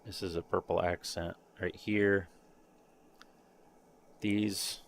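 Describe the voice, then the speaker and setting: A man's voice: low-pitched, flat delivery, slow pace, vocal fry, slight background noise. A man chatting casually on a live stream while painting a model kit, muttering to himself and trailing off. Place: home workshop.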